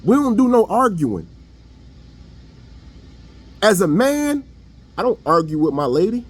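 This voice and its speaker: A man's voice: sits high, big pitch swings, a little slow, husky. A man giving a blunt, preachy opinion monologue online in casual slang. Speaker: online commentator.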